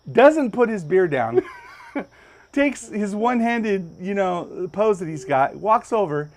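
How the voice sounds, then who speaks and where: A man hosting a podcast, telling a story with lots of energy and jumping up high when he acts out other people's lines. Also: very animated, a little slow, a little mellow. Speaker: podcast host. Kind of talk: animated storytelling. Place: podcast studio.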